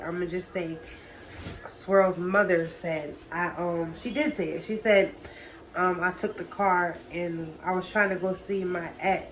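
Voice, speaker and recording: A woman's voice: lowish voice, a bit bright, slight background noise, rough recording. Young woman swearing through a storytime vlog. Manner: casual, profane, talks to viewers as y'all. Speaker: vlogger.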